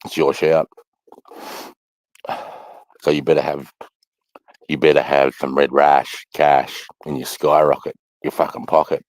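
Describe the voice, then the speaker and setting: A man's voice: extremely low pitch, flat delivery, measured pace, pauses often, darkish tone, no echo, low-quality recording. A middle-aged Australian man rambling casually to camera, swearing freely and sighing between thoughts. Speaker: vlogger.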